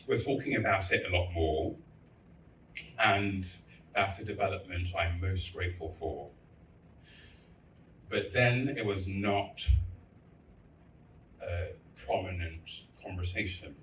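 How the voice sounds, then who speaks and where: A man with a lowish voice delivers a candid public speech, telling stories with blunt, crude humor. He is heard from a distance in an echoey hall, with faint ambience behind him. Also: slow, pauses often, fairly bright tone, a little hiss or hum. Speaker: festival speaker.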